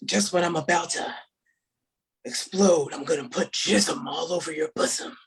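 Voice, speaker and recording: Woman doing a deep-voiced smooth male phone suitor, low, half-whispered come-ons. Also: moderate pace, heavily acted. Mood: sultry.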